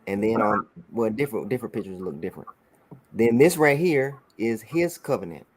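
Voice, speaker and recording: A man's voice: lowish voice, expressive, fairly quick. A man teaching a religious class over a broadcast, often saying "all right" and checking that his student follows along.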